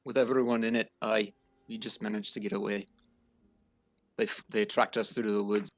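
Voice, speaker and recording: A man's voice: fairly low pitch, level tone, normal speed, no echo, lightly acted. A man playing a curt, tired male adventurer who is fleeing orc raiders, speaking plainly. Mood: grim.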